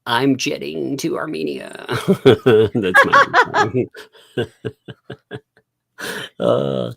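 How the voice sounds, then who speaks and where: A man's voice: medium pitch, vocal fry, dry recording, clean studio sound. A man hosting a casual live-stream commentary from home, reading documents aloud and laughing often. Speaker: host.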